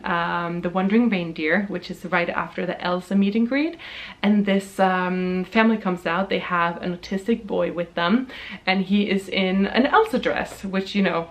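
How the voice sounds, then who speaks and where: A young woman from Norway, telling stories in a casual, animated way and laughing often. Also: medium pitch. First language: Norwegian. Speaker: vlogger. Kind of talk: casual storytelling.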